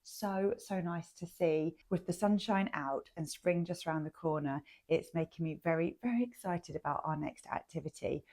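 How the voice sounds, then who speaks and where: A woman, talking gently and chattily as she narrates a slow-living vlog and laughs easily. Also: deep voice. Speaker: lifestyle vlogger. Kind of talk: casual vlog chat and narration. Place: home and small-town outings.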